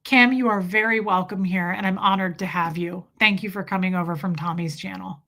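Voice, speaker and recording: Woman, livestream host, heartfelt personal storytelling, confiding, frequent restarts, bright tense voice. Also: medium pitch, steady tone, fairly quick. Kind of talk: emotional personal storytelling to live chat.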